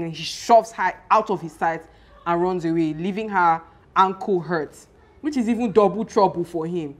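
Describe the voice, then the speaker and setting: A young woman, casually chatting and recapping a TV series in an animated, exclaiming way. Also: fairly low pitch, moderate pace. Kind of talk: casual chat.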